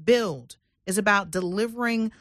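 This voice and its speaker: A woman's voice: mid-range voice, measured pace, no echo, clean studio sound. A woman hosting a business talk show, speaking emphatically and with energy, using fillers and restarts. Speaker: radio show host.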